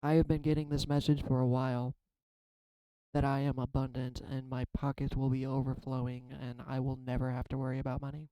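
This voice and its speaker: Guy doing a card reading vlog, kinda flat and mellow, rambly and emotional, dry close sound. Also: mid-range voice, brisk, smooth, no echo, poor audio. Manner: reflective, rambling, swears casually. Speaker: tarot card reader. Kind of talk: casual spiritual vlog.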